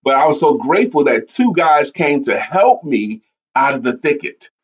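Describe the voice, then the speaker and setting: A man co-hosting an online talk show, telling a personal story in an animated way and acting out his own shouts. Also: on the high side, moderate pace. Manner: animated storyteller, acts out yelling. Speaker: podcast co-host. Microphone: online stream setup. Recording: dull lo-fi stream audio.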